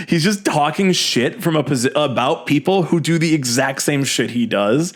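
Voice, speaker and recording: A man's voice: on the high side, unhurried. Ranting male reaction host in his thirties. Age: 30s. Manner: animated, swearing, laughing ranter. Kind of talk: casual reaction chat.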